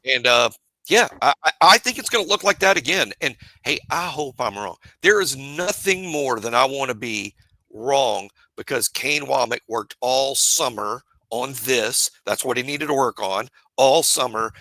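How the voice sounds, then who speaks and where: A man's voice: medium pitch, lively intonation, a little slow, pushed and bright, no echo, rough recording. A man co-hosting a sports podcast, making his points emphatically and repeating them for effect. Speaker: podcast co-host. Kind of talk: casual sports talk.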